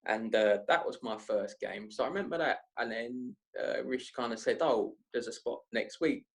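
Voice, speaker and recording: A young man tells long, rambling stories in a casual, slangy way. His voice sits in an ordinary middle register, and he keeps the energy animated as he talks. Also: mid-range voice, moderate pace, creaky. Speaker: podcast guest. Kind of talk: casual storytelling chat.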